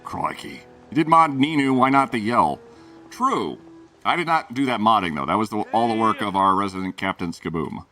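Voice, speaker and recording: Animated, bright-voiced male streamer. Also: on the low side, moderate pace, distant mic, soft background music. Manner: joking, chatty, reacting to chat. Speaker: game streamer. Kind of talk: casual gameplay commentary. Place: room at home.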